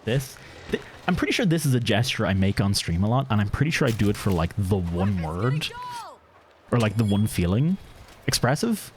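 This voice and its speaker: A man streaming a video game, giving casual commentary in a dry, flat-sounding way. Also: fairly low pitch, moderate pace, slight background noise. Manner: self-described monotone, dry and offhand. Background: game music.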